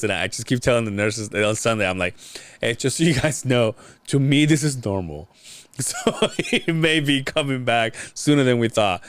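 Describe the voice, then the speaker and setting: A man's voice: mid-range voice, clean tone, no room sound. A man hosting a casual podcast, telling a long story with many stops and restarts. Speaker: podcast host.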